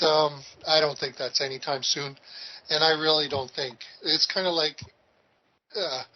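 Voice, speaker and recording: A man's voice: fairly high pitch, muffled recording, slight background noise. A man in casual conversation, talking in a rambling, hesitant way with many fillers.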